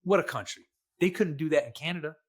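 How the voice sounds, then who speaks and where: A middle-aged man with a Midwestern accent, a lender, co-hosts a casual podcast chat, telling stories in a jokey, folksy way. His voice is fairly high-pitched and slightly rough, and he talks fast.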